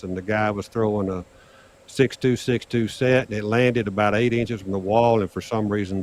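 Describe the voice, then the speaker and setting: Older male storyteller, casual and animated, voices the other people in his tale. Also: slight background noise. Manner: animated, acts out dialogue with raised pitch. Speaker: guest storyteller on craps livestream.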